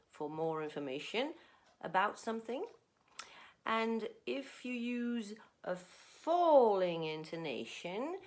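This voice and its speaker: A woman teaching an online English lesson, taking her time and stretching her words. Her voice rises and falls a great deal as she demonstrates intonation, checking in with her students again and again. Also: medium pitch. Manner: expressive, plays with intonation, checks in with "okay?".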